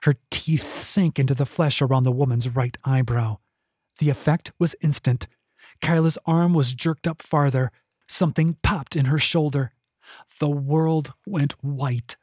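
Husky-voiced male audiobook narrator. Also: fairly high pitch, no echo, studio quality. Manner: steady, measured storytelling. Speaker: author reading his own novel.

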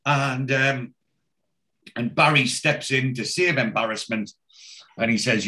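A man's voice: medium pitch, measured pace, bright, forceful tone. A man chattily retelling a TV episode for a podcast, acting out the lines he quotes.

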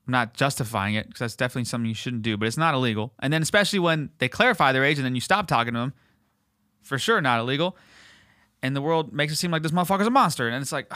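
A man hosting a podcast, ranting in a profane, fired-up casual way, often calling the listener dude, his voice jumping higher and louder when he gets worked up. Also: no echo, studio quality. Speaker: podcast host. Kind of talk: heated casual rant.

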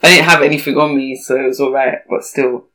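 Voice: mid-range voice, steady tone, fast talker, bright, forceful tone, poor audio. Young podcast cohost, blunt, swears a lot, casual chat. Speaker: podcast co-host.

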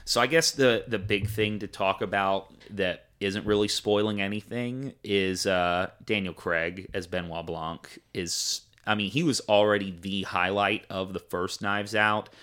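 A man's voice: on the low side, fairly even intonation, unhurried, hardly any pauses, fairly bright tone, clear, resonant tone. A man co-hosting a casual podcast chat, talking enthusiastically and rambling with fillers. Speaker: podcast co-host reviewing a film.

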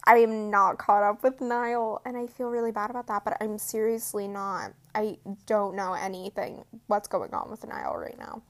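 A woman's voice: medium pitch, fairly even intonation, moderate pace, few pauses. A teenage girl chatting on her own podcast, rambling and giggly with lots of "like" and "um", sleepy and yawning. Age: teens. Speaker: podcast host. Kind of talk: casual solo podcast chat.

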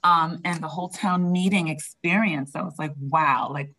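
A woman's voice: fairly low pitch, steady tone, moderate pace, fairly bright tone, low-quality recording. A woman from New York with a New York accent, answering interview questions as a school district leader in a conversational way, with frequent fillers.

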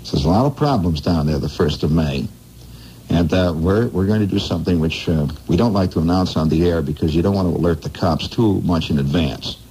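A man hosting a radio show, telling wry, rambling comic stories in a conversational way, dropping to a low mutter and jumping up high for emphasis. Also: a little fast, mellow, husky, rough recording. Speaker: radio host.

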